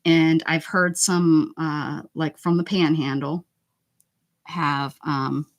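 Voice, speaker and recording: A woman live-streams her art journaling and chats casually with viewers, joking and exclaiming as she responds to the chat. Her voice is low and steady, very slow, with long pauses.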